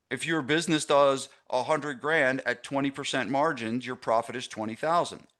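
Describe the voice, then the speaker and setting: A man's voice: a little high, fairly bright tone. A middle-aged man teaching a live online masterclass for gym owners, stressing points and checking in with his audience. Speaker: gym business coach.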